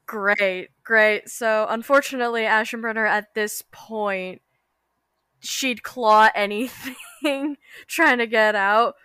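Woman playing a tabletop rpg, smooth clear voice, slow. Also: a little high, fairly even intonation, sharp tone, no echo. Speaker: player. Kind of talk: casual tabletop play.

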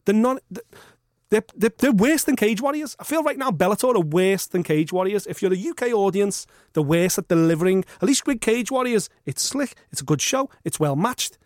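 A man hosting a podcast, ranting in animated, sweary casual chat. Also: high-pitched, normal speed, no echo, clean studio sound. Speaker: podcast host.

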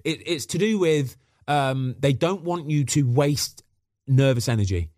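A man's voice: mid-range voice, lively intonation, measured pace, darkish tone, no echo, studio quality. A man in casual podcast chat, telling stories about football and acting out what people said. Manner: chatty storyteller, acts out quotes. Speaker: former footballer guest.

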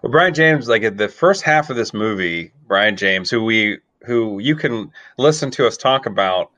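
Low-voiced wry male podcaster. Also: expressive, moderate pace, bright, forceful tone, dry recording. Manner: wry, joking, conversational. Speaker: podcast co-host. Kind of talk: casual movie podcast chat.

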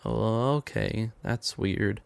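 A man's voice: fairly low pitch, slow, creaky, clean tone, no echo, heavily acted. A man voicing a confused elderly mother with dementia, talking in a vague, faraway way in a slightly raised voice.

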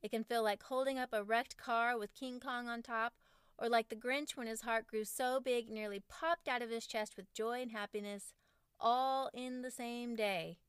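A woman's voice: fairly high pitch, steady tone, normal speed, clear, resonant tone, no echo, clean studio sound. A woman in her forties, a podcast host, reading her own parenting book aloud with wry, self-mocking humor.

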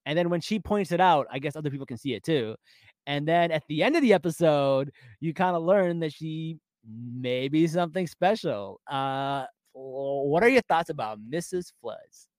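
A man's voice: fairly high pitch, animated, moderate pace, a little mellow, dry recording, studio quality. A man co-hosting a casual fan discussion, recapping scenes and laughing often. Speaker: podcast co-host.

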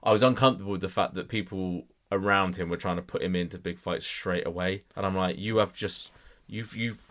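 A man's voice: low-pitched, steady tone, fast, fairly bright tone. A man co-hosting a casual boxing podcast, talking in loose, hedging sentences and steering the topics. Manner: conversational, hedging with "you know", leads the segments. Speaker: podcast co-host.

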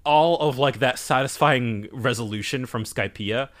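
A man co-hosting a podcast in casual chat, expressive and halting, with frequent restarts. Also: medium pitch. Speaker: podcast co-host.

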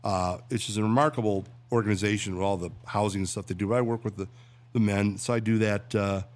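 A man's voice: lowish voice, steady tone, quick pace. A man who works in radio and voiceovers, a guest chatting casually and telling jokes with acted voices. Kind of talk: casual chat and joke-telling.

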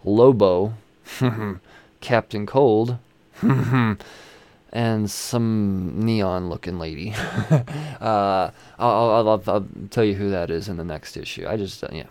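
A man's voice: fairly low pitch, slow pace, a little mellow, no room sound. A man casually recapping a comic issue, rambling, swearing freely and chuckling as he goes. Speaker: comic book reviewer.

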